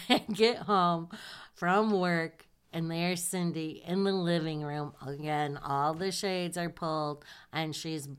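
A woman's voice: lowish voice, slow pace, clean tone. An older woman from Michigan recounting her time in the Navy, acting out past conversations with laughter. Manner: animated, acts out past dialogue with laughs. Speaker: Navy veteran telling her story. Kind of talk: personal storytelling.

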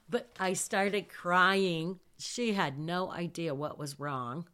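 A woman's voice: lowish voice, takes it slowly, hardly any pauses, bright, forceful tone. A woman telling a personal story about her daughter in casual speech, emphatic, with vivid asides.

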